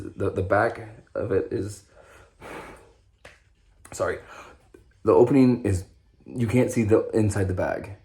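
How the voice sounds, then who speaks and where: A young man with a low, warm voice rambles casually through his own recovery story, swearing freely and often breaking off mid-sentence. He's a vlogger sharing how he got better.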